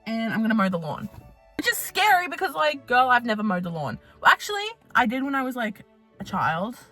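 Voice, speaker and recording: A young woman, talking in an animated, profane, rambling way in a casual vlog. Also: a little high, a little fast, soft background music. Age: young adult. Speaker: vlogger.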